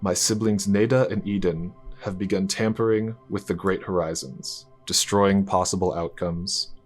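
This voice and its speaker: A man voicing an ancient cosmic star-being who speaks in a formal, measured and portentous way. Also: low voice, fairly even intonation, soft background music. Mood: solemn.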